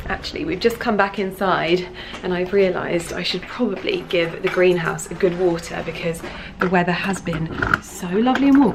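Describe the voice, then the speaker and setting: A woman vlogging casually in her garden and greenhouse, gushing and excitable, gasping with delight. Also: lowish voice, moderate pace, background noise. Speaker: lifestyle vlogger. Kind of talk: casual vlog to camera.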